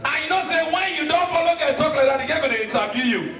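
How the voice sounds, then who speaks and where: A Nigerian comedian with a very high voice tells stand-up stories. He shouts his punchlines. He is heard from far off on an echoey stage, with a loud live crowd behind him. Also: animated, quick pace, music in the background.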